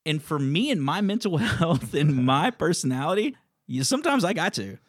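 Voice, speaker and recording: A man's voice: a little high, very animated, moderate pace, no echo, studio quality. A man telling stories from his land-buying business in a casual conversation. He acts out phone calls as he tells them. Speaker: land investor guest.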